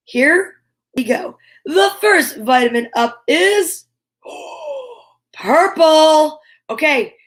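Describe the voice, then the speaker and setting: A bubbly woman hosts a cheerful live stream, her voice pitched high and bright as she chats with viewers. She talks in exclamations, gasps in excitement and drops into whispers now and then. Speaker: storytime host.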